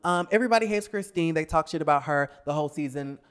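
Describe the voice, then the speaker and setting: A man's voice: a little high, fast, fairly bright tone, smooth. A young man giving a sassy, blunt review of a reality show in a casual vlog, with scatterbrained asides, while getting over a cold.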